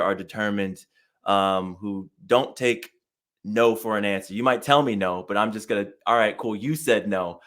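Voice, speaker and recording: Hyped-up guy guest, lowish voice, slangy, lots of likes and ums. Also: fairly bright tone. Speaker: career coach, podcast guest. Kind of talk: casual interview chat.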